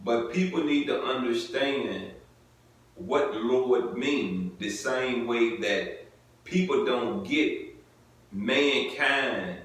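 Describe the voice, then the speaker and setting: A man's voice: medium pitch, extremely slow, fairly bright tone. A man reading scripture aloud and commenting on it in a loose, conversational way, often asking "you get it?" and using informal everyday grammar. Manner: conversational, repeats "you get it?" and "come on now"; informal vernacular speech. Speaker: preacher. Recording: very echoey, mic at a distance.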